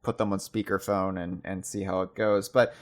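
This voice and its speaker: A man's voice: sits low, moderate pace. A man hosting a podcast in a casual, rambling chat. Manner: rambling, lots of fillers and restarts, lively. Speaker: podcast host.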